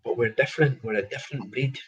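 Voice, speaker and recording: A man's voice: mid-range voice, fast talker, husky, muffled recording. A man, a professional boxer telling stories in a casual interview, rambling with restarts and laughing at himself.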